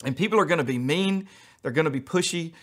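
A man's voice: fairly high pitch, a bit bright. A man preaching a sermon as pastor, telling funny stories with acted-out quotes. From United States. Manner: humorous, quick storytelling with acted-out quotes.

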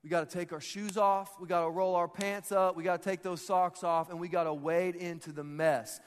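A man's voice: sits high, level tone, moderate pace, smooth, faint music behind. A male pastor giving a casual, humorous sermon, joking and conversational, often laughing mid-sentence. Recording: long hall reverb in a large church.

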